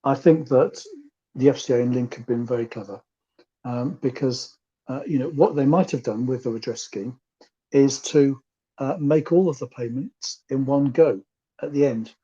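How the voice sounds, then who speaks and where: A man's voice: mid-range voice, moderate pace, mellow, husky, lo-fi sound. A man explaining a point methodically and wryly in a campaign meeting. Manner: analytical, methodical, wry. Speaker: campaign group member.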